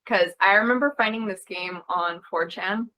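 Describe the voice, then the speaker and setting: A woman's voice: medium pitch, moderate pace, pushed and bright, a little hiss or hum, low-quality recording. A woman guest on a video call, chatting casually with lots of fillers and laughs. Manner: giggly, chatty with many fillers. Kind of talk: casual chat.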